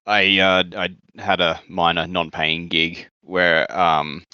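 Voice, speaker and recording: Deep bright-toned Australian man. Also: fairly even intonation, slow, smooth, no echo. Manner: laughing, self-deprecating, swears casually. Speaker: podcast co-host. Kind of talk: casual chat. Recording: dry, slightly dull mic.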